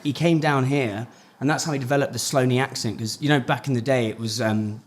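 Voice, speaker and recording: Brief male podcast host, mid pitch, rambling, sweary. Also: steady tone, brisk. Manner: rambling, swears, says "yeah" a lot. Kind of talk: casual chat.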